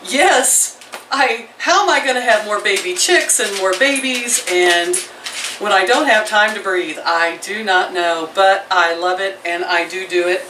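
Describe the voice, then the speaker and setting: A woman's voice: medium pitch, a little slow. A middle-aged woman chatting to viewers and her pets in a rambling home vlog, filmed on a camera mic. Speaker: vlogger. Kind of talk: casual home vlog chat. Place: home, indoors and out by the chicken pen. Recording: roomy, from a distance, faint background noise.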